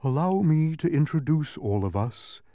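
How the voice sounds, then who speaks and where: A man voicing tiny drowsy creatures that yawn and drawl slowly through every word. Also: a little high, big pitch swings, mellow, no room sound, studio quality, voice pushed up. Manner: slow, drawn-out, yawning delivery. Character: tiny drowsy yawning creatures, sluggish and dull.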